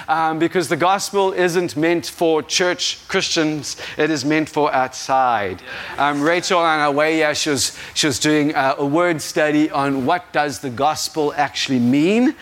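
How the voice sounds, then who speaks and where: A man's voice: on the high side, fairly bright tone, a little hiss or hum. A young adult man with a South African accent preaching an informal sermon, rambling and self-deprecating, laughing at himself often. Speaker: guest preacher.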